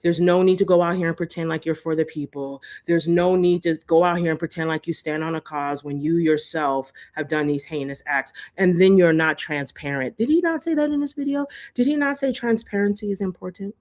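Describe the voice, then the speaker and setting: A woman's voice: on the low side, brisk, few pauses, a little mellow. A woman hosting a live-stream commentary, heated and profane, hammering her points with repeated rhetorical jabs into a phone. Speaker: host.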